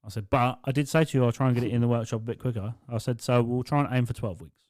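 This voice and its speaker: This young podcast co-host speaks at medium pitch and a racing pace, recorded dry and clean in a small studio. His casual storytelling is packed with profanity, lively delivery and mocking imitations of customers from his job.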